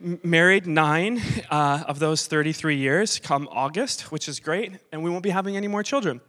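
A man's voice: a little high, normal speed, sharp tone. Joking missionary man in his thirties. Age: 30s. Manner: joking, self-deprecating, rambling asides. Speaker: visiting missionary speaker. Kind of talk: church talk with humorous stories. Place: church sanctuary. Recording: long hall reverb.

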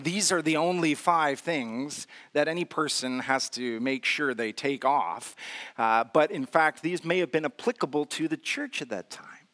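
Male pastor, a touch higher than average, relaxed conversational sermon delivery with humorous asides. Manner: storytelling with humor and self-deprecation; conversational, frequent "uh" fillers.

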